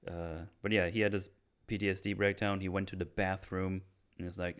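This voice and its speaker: A man's voice: sits low, a little fast, clean tone. A man hosting a casual show chat, animatedly retelling TV scenes and acting out the dialogue. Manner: animated retelling with quoted voices and stutters. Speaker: podcast host recapping a TV show.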